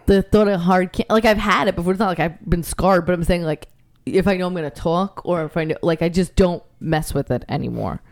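Woman telling a story on a podcast, animated, does all the voices, laughs a lot. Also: on the low side, a little fast. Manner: animated, acts out quotes, laughs often. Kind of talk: casual storytelling chat.

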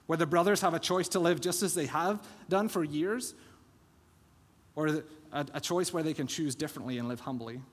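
A man's voice: fairly high pitch, normal speed, breathy edge. Earnest man preaching in a reverberant church. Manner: earnest expository preaching that retells scripture scenes. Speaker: pastor. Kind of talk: sermon. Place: church sanctuary. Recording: long church hall reverb.

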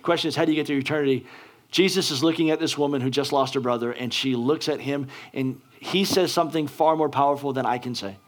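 A man's voice: medium pitch, fairly even intonation, fast. A man preaching a sermon, talking casually with many restarts and building to fervent, emphatic delivery. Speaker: pastor.

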